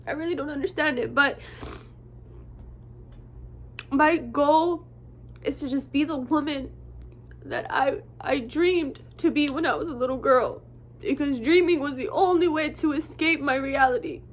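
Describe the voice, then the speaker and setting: A woman with a high voice talks to her viewers in an earnest, heartfelt monologue. Her delivery is casual and emotional. It swings between hushed and forceful. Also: moderate pace. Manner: earnest and impassioned, casual and profane. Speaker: vlogger. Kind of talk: heartfelt direct-to-camera monologue.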